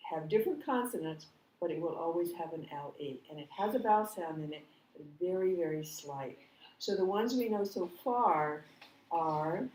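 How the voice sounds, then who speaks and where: A woman teaching a slow, patient phonics lesson, quizzing the listener on syllables. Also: low-pitched, warm tone, recorded from a distance. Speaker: reading teacher. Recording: echoey room, voice off-mic.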